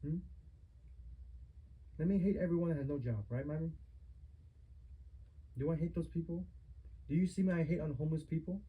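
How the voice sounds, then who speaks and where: A man's voice: on the high side, lively intonation, moderate pace, long pauses, husky, phone-quality sound. A man, an adult son, confronting his mother in a heated family argument recorded on a phone, lecturing her with repeated rhetorical questions.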